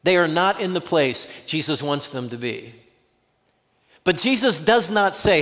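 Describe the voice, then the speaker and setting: A pastor preaches in a relaxed, conversational way and slips into the voices of the people he quotes. His voice is unusually high for a man. It carries with a long reverb, as if in a large sanctuary. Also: moderate pace. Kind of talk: sermon.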